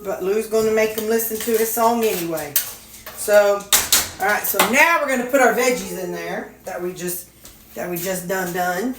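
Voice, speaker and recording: A woman's voice: medium pitch, moderate pace, a bit bright, slight background noise. A woman vlogger cooking at home in a casual, folksy way, chatting to her viewers and dogs. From Missouri, USA. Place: home kitchen. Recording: echoey kitchen with sizzling skillet.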